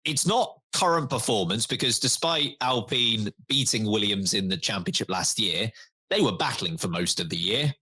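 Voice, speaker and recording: Animated man, bright husky voice. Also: lowish voice, normal speed. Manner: animated, laughs, puts on quoted voices. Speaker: podcast co-host. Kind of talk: casual chat.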